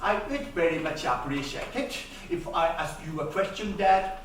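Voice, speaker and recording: A man's voice: a little high, expressive, normal speed, slight background noise, natural voice. A man voicing a precocious, argumentative little boy with a Japanese accent, recorded live in an echoey theater from a distance. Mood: pedantic. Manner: precocious, argumentative, overly formal. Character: cheeky know-it-all little boy Kimbo. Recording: echoey theater, mic far off.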